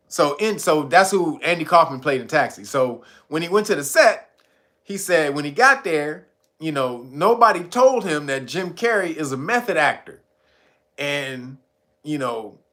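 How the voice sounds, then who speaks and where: Male streamer, bright edgy tone, chatty storyteller who keeps breaking into laughter. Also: a little high. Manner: laughs often, retells jokes with put-on voices. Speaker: streamer host. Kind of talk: casual storytelling.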